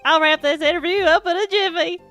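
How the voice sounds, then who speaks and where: A woman's voice: very high voice, a little fast, fairly bright tone, faint music behind, voice pushed up. A woman voicing a goofy, nerdy, pushy male reporter, reading game dialogue in a drawling, showy way with old-timey slang.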